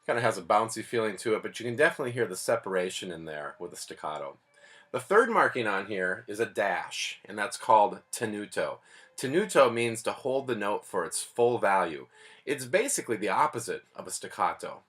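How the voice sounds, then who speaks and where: A man with a fairly low voice teaches a band class. He explains each point patiently and plainly, in an everyday teaching manner. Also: lively intonation, a little fast, fairly bright tone. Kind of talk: music lesson.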